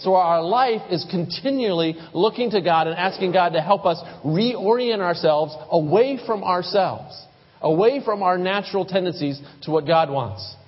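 A man's voice: high voice, moderate pace. A man preaching a sermon as pastor, speaking conversationally and often repeating his first words. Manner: conversational, repeats words when starting sentences. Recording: dull lo-fi sound with long hall reverb.

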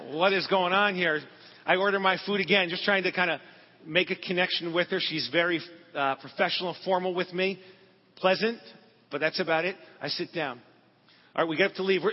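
A man preaching a sermon, telling a personal story in an earnest, conversational way with asides to the congregation. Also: on the high side. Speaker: pastor. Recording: dull recording in a large reverberant hall.

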